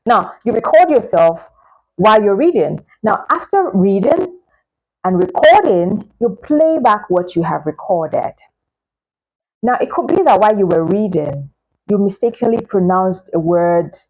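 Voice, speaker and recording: A woman's voice: medium pitch, darkish tone, rough recording. A woman teaching English pronunciation in a casual spoken lesson, encouraging and repetitive, often checking in with "all right?".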